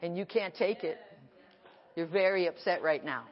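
A woman pastor preaching an animated sermon at a conference and acting out her dialogue, recorded in an echoey hall. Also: fairly low pitch, normal speed. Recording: echoey hall, dull sound.

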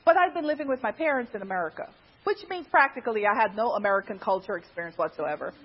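Husky woman telling a chatty story. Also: fast, lo-fi sound. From Guyana. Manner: chatty, laughs often, animated pitch jumps. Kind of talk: casual personal storytelling.

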